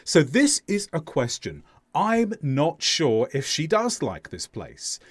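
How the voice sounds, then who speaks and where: A man teaching English intonation in a scripted lesson, speaking clearly and deliberately and exaggerating the stress in his examples. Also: a little high, huge pitch swings, dry recording.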